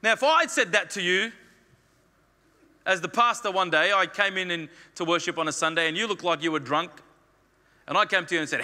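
High, bright pastor preaching. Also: male voice, fairly quick, long pauses. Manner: emphatic, repeats phrases, acts out quoted lines. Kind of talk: sermon. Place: church hall. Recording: long reverb of a church hall.

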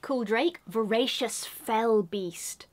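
A woman's voice: fairly high pitch, takes it slowly. Gushing, giggly woman opening cards. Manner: gushing, giggly, whispers the flavour text. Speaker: video host opening trading cards. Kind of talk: casual chat, reading card text aloud.

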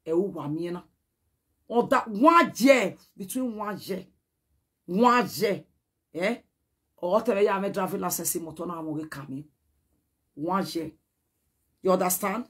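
A woman's voice: lowish voice, moderate pace, long pauses, husky. A woman with a Nigerian accent, delivering an emphatic, rambling direct-to-camera message. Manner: emphatic and rambling, code-switching. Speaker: social media personality.

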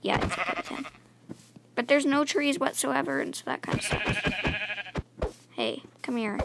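Mumbly gamer woman with vocal fry. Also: a little high, big pitch swings, moderate pace, heavy background noise. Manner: rambling, mumbly chatter to game animals. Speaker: gaming channel host. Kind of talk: casual Minecraft let's-play commentary.

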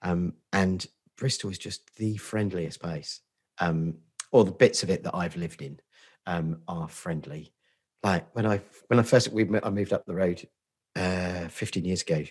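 A middle-aged man from Portsmouth, England, with a Portsmouth accent, is a podcast guest and agency founder in a casual interview chat. He talks in a sweary, self-deprecating, joking way. His voice is deep, unhurried and a little mellow with a breathy edge.

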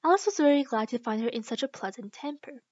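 A woman reading a children's book aloud slowly and carefully, with small restarts. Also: high voice, animated, darkish tone, no room sound, lo-fi sound. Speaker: reader.

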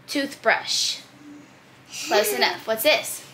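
Young woman vlogger, laid back, slow easy talk, kinda runny nose, bright voice. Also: on the high side, lively intonation, a little hiss or hum. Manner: laid-back, speaks slowly and plainly to the camera. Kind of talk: casual vlog chat.

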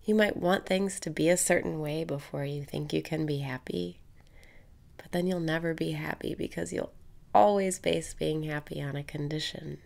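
Speaking in a low voice at a moderate pace, a woman guides a meditation with calm bluntness. She repeats breathing cues, swears casually, and now and then slips into breathy whispers.

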